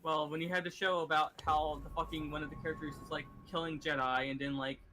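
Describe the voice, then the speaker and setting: Male streamer, higher pitch, ranting and swearing, noisy background. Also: little pitch movement, fast talker, sharp tone. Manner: ranting, profane, lots of fillers and restarts. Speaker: gaming streamer. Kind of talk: casual chat.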